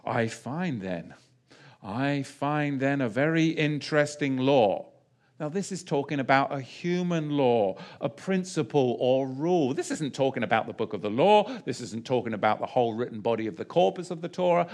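A man preaching a verse-by-verse sermon, asking his listeners rhetorical questions and pausing on key phrases. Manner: animated, pitch swings widely, asks the audience rhetorical questions. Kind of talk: sermon teaching.

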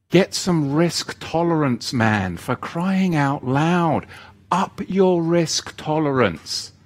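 A man delivering a sermon with a slightly higher-than-usual voice. He speaks at a slow, unhurried pace, repeating his points emphatically. He moves between loud exhortation and quiet asides. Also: animated. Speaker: preacher.

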